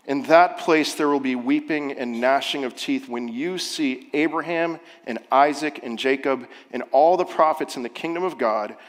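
A man's voice: mid-range voice, normal speed, hardly any pauses. A male pastor preaching a sermon, earnest and building to urgent emphasis. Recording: long hall reverb.

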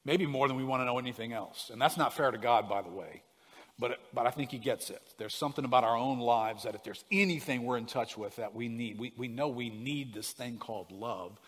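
A man's voice: medium pitch, a little fast, big-room sound. A man preaching a sermon, leaning hard on single words and putting questions to the congregation. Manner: emphatic, stresses single words, asks the room questions. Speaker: pastor.

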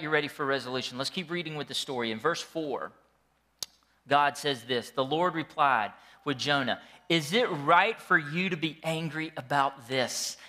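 A middle-aged male pastor preaching a sermon, animated and joking as he tells stories to his congregation. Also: fairly high pitch. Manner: animated, jokey storytelling with the congregation.

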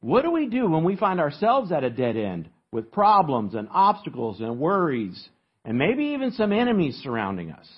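A man preaching a sermon as pastor, teaching from an outline and asking his listeners to fill in the blanks, with emphatic, animated delivery. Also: a little high, moderate pace, husky, highs cut off.

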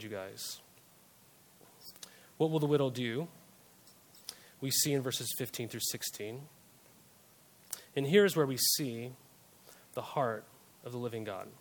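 A man's voice: mid-range voice, moderate pace, pauses often, fairly bright tone. A young male pastor preaching a sermon, talking conversationally and asking the congregation rhetorical questions. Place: church service.

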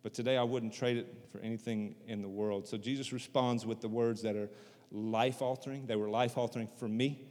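Man, pastor, sermon, conversational, repeats phrases, medium pitch, long hall reverb. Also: steady tone, a little fast, a little mellow.

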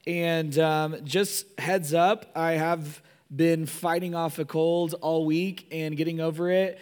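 A hoarse-voiced man pastor preaches a sermon, pitched a little high for a man. He keeps it casual and joking, with plenty of fillers and asides to the crowd. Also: steady tone, slow pace, a little mellow. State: hoarse from a cold.

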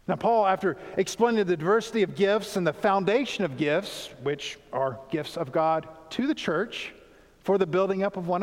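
A pastor preaching a sermon in earnest, emphatic tones, repeating key points for weight. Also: male voice, sits high, long reverb tail.

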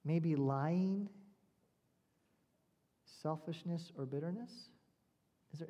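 Pastor preaching in an echoing hall. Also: male voice, fairly high pitch, mellow. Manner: storytelling, rhetorical questions, slow deliberate pauses. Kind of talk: sermon. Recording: long reverb of a large hall.

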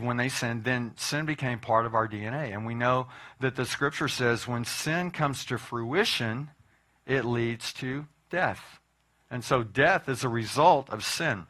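Male pastor preaching, chatty and animated, kinda high voice, bright tone. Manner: conversational, animated storyteller. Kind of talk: sermon.

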